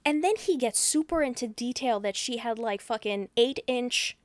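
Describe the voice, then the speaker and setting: A woman's voice: a little high, moderate pace, no room sound. A woman co-hosting a podcast, casually retelling a movie plot, swearing freely and acting out the characters' lines. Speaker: podcast co-host.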